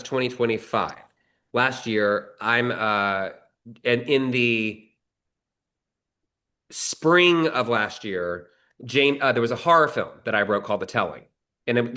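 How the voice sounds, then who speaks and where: Middle-aged man, animated storyteller who acts out quoted lines; bright, forceful tone. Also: medium pitch, a little slow. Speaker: screenwriter and actor, guest. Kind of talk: casual interview storytelling.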